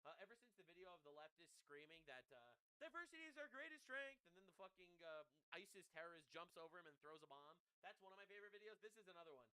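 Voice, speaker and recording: A man's voice: high voice, animated, fast talker, few pauses, bright, forceful tone, clean tone. A man giving sarcastic, profane live-stream commentary, often breaking into laughter.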